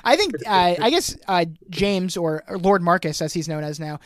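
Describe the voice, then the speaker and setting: A man's voice: high voice, animated, normal speed, no echo. Casual jokey man recapping episode, dry close mic. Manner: jokey, acts out characters' lines. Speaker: podcast host.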